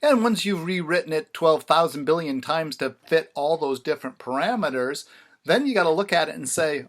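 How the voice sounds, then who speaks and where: A man's voice: fairly high pitch, lively intonation, moderate pace. A man talking casually to the camera about writing lyrics, wry and sarcastic, with mock-dramatic repetitions. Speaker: songwriter vlogger. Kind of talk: casual self-filmed vlog talk.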